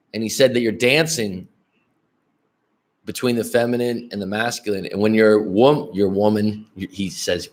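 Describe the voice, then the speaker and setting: A middle-aged man talks through a casual dating-coaching livestream in a blunt, profane way. He rambles, restarts his sentences and calls out to viewers in the chat by name. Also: fairly low pitch.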